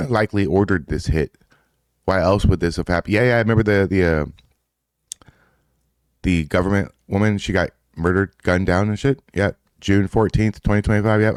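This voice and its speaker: A man's voice: low voice, no room sound, clean studio sound. A man hosting a casual reaction stream, talking in a profane, rambling way with indignant asides. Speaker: streamer host reacting to social media posts. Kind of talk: casual livestream reaction commentary.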